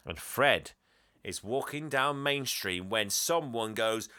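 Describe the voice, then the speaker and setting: A man retells a film scene by scene in a casual comedic recap. His voice is bright and forceful, recorded close and dry. He jumps into characters' lines with a raised, animated delivery. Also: medium pitch, slow, clear, resonant tone, no echo. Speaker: podcast host recapping a film.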